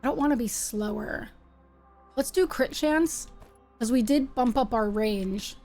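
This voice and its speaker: A woman's voice: on the high side, unhurried, warm tone, soft background music. A woman hosting a live stream, chatting playfully with her viewers while she plays a game. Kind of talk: casual live-stream chat while gaming.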